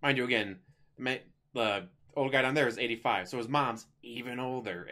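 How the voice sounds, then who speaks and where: A man's voice: medium pitch, a little fast, bright, forceful tone. A man giving a casual spoken movie review, chatty and rambling, with offhand jokes as he retells the plot.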